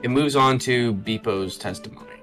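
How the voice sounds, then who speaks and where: A man on a live stream reading and summarizing game text aloud in a quick, relaxed way. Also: medium pitch, soft background music. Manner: quick skimming read, relaxed. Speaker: co-player reading along. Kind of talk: casual live-stream chat.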